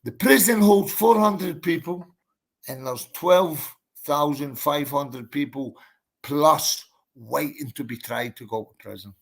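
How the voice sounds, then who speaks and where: A man's voice: fairly high pitch, takes it slowly, gravelly. A man, a boxer telling his story in a casual interview, blunt and emphatic, swearing and calling the listener mate and bro.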